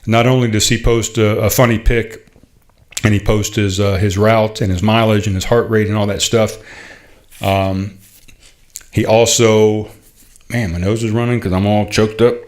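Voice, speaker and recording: Low-voiced man telling a story, halting. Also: level tone. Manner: halting, many fillers and restarts; heartfelt, proud. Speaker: podcast host. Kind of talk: casual storytelling monologue.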